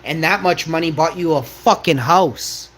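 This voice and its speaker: A man's voice: fairly high pitch, moderate pace, fairly bright tone. Guy in his 40s ranting to camera, swears a lot, keeps asking "right?", roomy echo, bit of hiss. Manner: confrontational, profane, full of rhetorical questions. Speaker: vlog host. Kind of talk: ranting monologue. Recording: roomy echo, faint noise.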